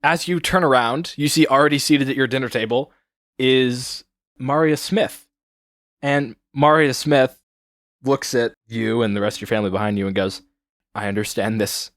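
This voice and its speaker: A man narrating a tabletop game as game master, in a relaxed storytelling way. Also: medium pitch, moderate pace, no room sound. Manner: relaxed and storytelling, with frequent fillers.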